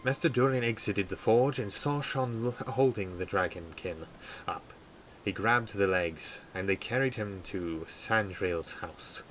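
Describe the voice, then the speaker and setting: Very deep-voiced, tired male streamer. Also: a bit bright, a little hiss or hum, low-quality recording. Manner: slow and measured, stumbling over words. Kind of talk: live game commentary and story reading.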